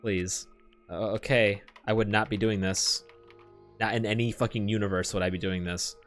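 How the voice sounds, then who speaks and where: A man's voice: on the low side, fairly even intonation, normal speed, fairly bright tone, faint music behind. A man streaming, reading a visual novel aloud with sarcastic, swearing asides.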